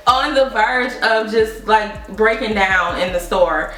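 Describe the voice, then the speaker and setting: A woman's voice: mid-range voice, moderate pace, few pauses. Chatty young woman vlogger in echoey room. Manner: animated storytelling with laughs, addresses viewers as "you guys". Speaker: beauty vlogger. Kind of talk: casual chatty product review. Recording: roomy, distant mic with faint music.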